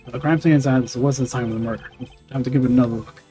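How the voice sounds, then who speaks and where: A man voicing a composed, formal male prosecutor in a video game, in measured tones. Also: medium pitch, steady tone, mellow, soft background music, natural voice. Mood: calm.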